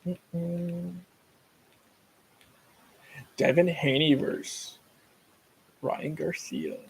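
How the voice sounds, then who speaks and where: A tired man talks on a casual livestream, rambling from one thought to the next and turning blunt when he rants. His voice sits a little higher than most men's. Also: steady tone, normal speed, low-quality recording. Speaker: livestream host.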